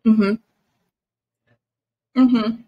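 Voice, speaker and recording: A woman in her twenties co-hosts a podcast, chatting casually and telling stories while laughing and swearing. Her voice is on the high side and steady, she draws out her words, and the recording's highs are cut off.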